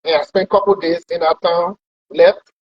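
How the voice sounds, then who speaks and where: A man with a high, husky voice tells his travel story in a loose, conversational way, circling back and repeating himself as he goes. The recording is dull and lo-fi, as if heard through a cheap mic. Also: steady tone, normal speed. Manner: rambling, repeats words while recounting. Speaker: pilot guest.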